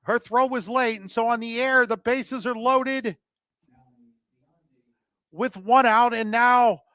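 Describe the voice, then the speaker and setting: High-voiced man calling softball play-by-play. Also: slow pace, smooth, no echo, studio quality. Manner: conversational, rising excitement on plays. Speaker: play-by-play commentator. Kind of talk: live sports commentary.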